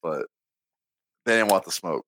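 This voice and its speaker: A man's voice: deep voice, expressive, unhurried, a bit bright. A man co-hosting a casual podcast chat, joking around in a laid-back way. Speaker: podcast co-host.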